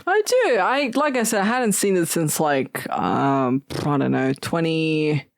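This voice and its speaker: A woman co-hosting a podcast, chatting casually about a film and chiming in with quick agreement. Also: low-pitched, animated, vocal fry, no room sound, clean studio sound. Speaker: podcast co-host. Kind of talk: casual chat recapping a film.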